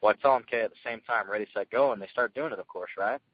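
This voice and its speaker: A man telling his success story as a guest speaker, energetic and earnest, in casual storytelling. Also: fairly low pitch, very fast, no echo, highs cut off. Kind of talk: motivational call talk.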